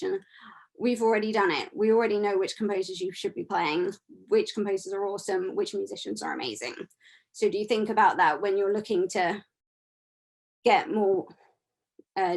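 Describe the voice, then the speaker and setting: A woman speaks on an online panel, her voice carrying a noticeable gravelly fry. She is earnest and tends to ramble a little. She sounds like she is talking over a video call at middling pitch. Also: a little mellow. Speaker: repertoire consultant and panelist.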